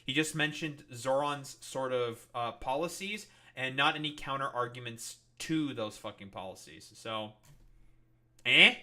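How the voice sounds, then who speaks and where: A man's voice: medium pitch, measured pace, sharp tone. A young man doing live-stream commentary, ranting in an exasperated, profane way with mocking, sarcastic asides.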